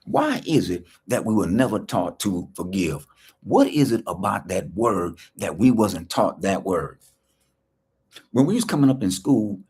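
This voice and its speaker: A man's voice: fairly low pitch, very animated, measured pace, a little mellow, husky. A man speaking as a life coach in a motivational livestream, preaching to viewers, repeating key lines and asking rhetorical questions. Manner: speaks straight to viewers, greeting them by name.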